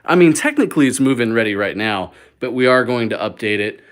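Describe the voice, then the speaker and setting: Man, mid pitch, casual live walk-through host, chatty and rambling, phone mic indoors. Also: lively intonation, fairly quick. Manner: upbeat, rambling, many fillers and restarts. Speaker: mobile home flipper hosting a live stream. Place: indoors in a small mobile home.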